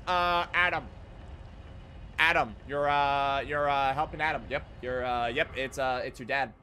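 Speaking a little slowly at medium pitch, this man gives live commentary on a video game stream, with slight noise in the background. He gets excitable, curses frequently, and slips into goofy fake voices.

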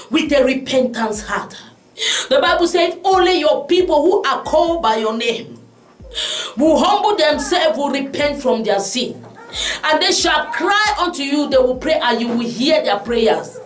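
A woman preaching, then leading an impassioned prayer that rises to shouts, repeating "oh God". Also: sits high, animated, a little slow. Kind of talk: sermon and fervent prayer. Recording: echoey room with music behind.

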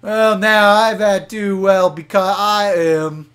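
A man voicing a prim, fussy desk clerk in a video game, speaking slowly and stuffily. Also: high voice, a bit bright, soft background music, voice pushed up. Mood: prissy.

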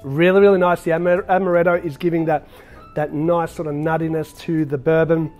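A man bartending on his own show talks through each drink in a loose, cheerful way. His voice sits a little high, and he scatters filler words as he chats. Soft music plays faintly underneath. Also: little pitch movement, fairly quick. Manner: chatty, upbeat, with frequent filler words. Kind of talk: casual cocktail demonstration.

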